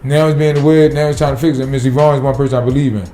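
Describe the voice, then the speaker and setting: A man's voice: mid-range voice, steady tone, racing, warm tone, echoey room, soft background music. A man, a city sanitation worker talking bluntly and profanely in a casual podcast interview.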